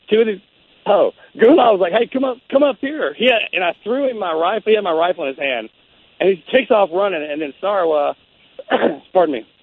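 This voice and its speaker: A man in his forties, the guest, telling a story in a halting, rambling way full of restarts. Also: on the high side, breathy edge. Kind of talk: casual storytelling. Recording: phone-like narrow sound.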